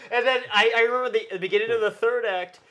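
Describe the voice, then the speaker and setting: A man with a high, bright voice co-hosting a casual movie podcast. He is excitable, stumbles over restarts as he rushes to recount scenes, and laughs often. He sounds forceful and sharp. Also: a little hiss or hum. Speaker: podcast co-host. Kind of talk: casual film chat.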